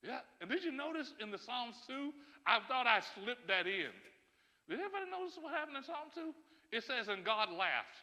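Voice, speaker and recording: A man preaching a sermon as pastor, emphatic and often laughing, building to loud, rising calls. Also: very high-pitched, very animated, normal speed. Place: church sanctuary. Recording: church sanctuary with long reverb.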